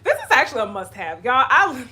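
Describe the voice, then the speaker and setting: A woman's voice: high voice, wildly swooping pitch, fairly quick, sharp tone. A woman from Florida co-hosting a live stream in casual chat, giggly and agreeable, chiming in with short replies.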